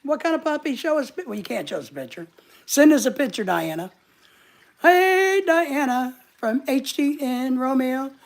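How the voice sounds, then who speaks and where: A man hosts a casual livestream from his living room couch. He jokes around and reads out his viewers' comments. His voice has a gravelly, fry-edged texture. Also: very high voice, lively intonation, moderate pace. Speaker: livestream host. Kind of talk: casual live chat.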